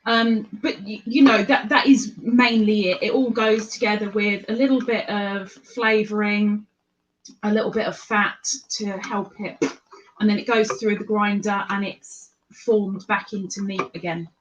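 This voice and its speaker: A woman's voice: mid-range voice, fairly even intonation, unhurried, highs cut off, a little hiss or hum. A woman with an English accent chatting casually and playfully on a live stream. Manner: chatty, playful, jokes around.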